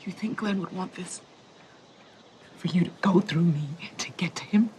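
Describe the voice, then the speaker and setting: An actress in a TV drama, speaking in a hushed, pleading voice. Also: female voice, lowish voice, moderate pace, a little hiss or hum, close to an everyday voice. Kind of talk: TV drama dialogue.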